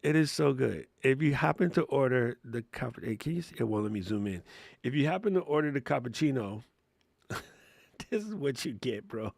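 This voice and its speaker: A man hosting a casual live Q&A, talking in a slangy, excitable way and laughing often. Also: medium pitch, moderate pace, vocal fry, no room sound. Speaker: livestream host.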